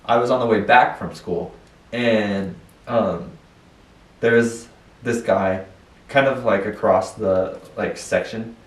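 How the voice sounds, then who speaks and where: A man's voice: on the low side, takes it slowly. Young man telling stories, roomy sound. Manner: animated storytelling with laughs. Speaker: podcast co-host. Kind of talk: casual chat. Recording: roomy, distant mic.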